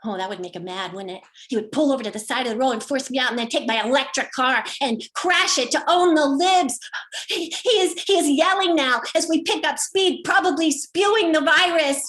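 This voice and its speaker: A woman's voice: high voice, a little fast, a bit bright. A middle-aged woman performing a personal story with wry, dry humor, slipping into quoted voices now and then. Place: home, online show.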